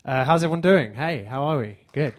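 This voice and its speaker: A man with an English accent doing a stand-up set on a theater stage, with a dry, deadpan delivery. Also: medium pitch, brisk. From England. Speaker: stand-up comedian.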